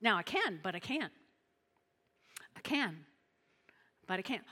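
A woman pastor preaching a sermon in an animated, chatty way, often checking in with her listeners. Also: mid-range voice, a little slow, big-room sound.

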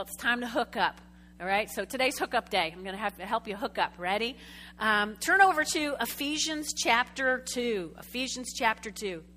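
A woman preaching a sermon to a congregation, telling a story with lively, chatty asides and questions to the room. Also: fairly high pitch, slight background noise. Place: church sanctuary before a congregation.

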